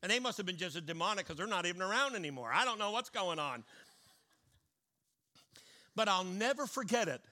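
A man preaching a sermon, telling a story and swinging between hushed asides and loud declarations. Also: sits high, sing-song, a little fast, pauses often.

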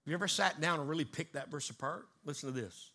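Male pastor, higher bright voice, emphatic preaching cadence. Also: fast. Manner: preaching with rising emphatic call-and-response cadence; talks to the congregation, teaching word meanings. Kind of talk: sermon.

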